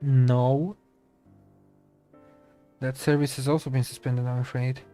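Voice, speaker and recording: A man's voice: mid-range voice, little pitch movement, takes it slowly, dark tone, lightly acted. Man doing a stiff, officious male archive keeper from a game, formal and clipped, plain everyday voice, faint music under it. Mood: curt. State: unwell.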